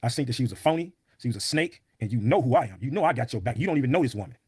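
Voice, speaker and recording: A man's voice: medium pitch, animated, very fast, a little mellow, breathy edge, dry recording. A man in an interview, telling a story in a blunt, emphatic, often profane way. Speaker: podcast guest.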